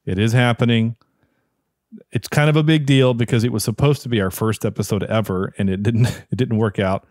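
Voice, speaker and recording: Male podcast host, mid pitch, dry close sound, eager rambling chat. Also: a little fast, darkish tone, no room sound. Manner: enthusiastic, rambling with restarts. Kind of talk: casual chat.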